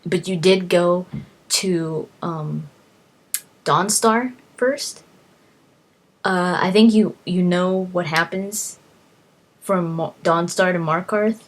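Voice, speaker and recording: A woman's voice: on the low side, slow pace, long pauses. A woman casually recounting a video game adventure, rambling with lots of fillers and restarts. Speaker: gaming vlogger.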